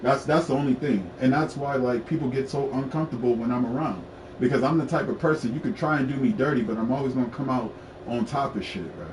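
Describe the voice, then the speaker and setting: A man's voice: medium pitch, quick pace, noisy background. A man telling his story in a frank, profane casual rant, repeating himself for emphasis. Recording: echoey room, mic at a distance, faint ambience.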